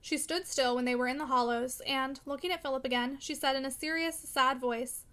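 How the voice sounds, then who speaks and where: A woman narrating a classic novel in a measured, steady reading. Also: sits high. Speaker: audiobook narrator.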